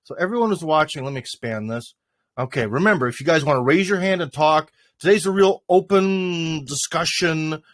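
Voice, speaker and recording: A man's voice: a little high, moderate pace, no echo. A man hosting a casual livestream, talking off the cuff in a rambling way with plenty of "uh" and "anyways". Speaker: livestream host.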